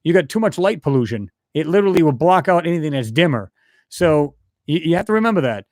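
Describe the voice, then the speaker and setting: A man's voice: fairly high pitch, very animated, fast talker, darkish tone, no room sound, clean studio sound. A man hosting a live stream, chatting loosely and rambling as he reads out viewer comments. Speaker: channel host answering live chat. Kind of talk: casual live-stream chat.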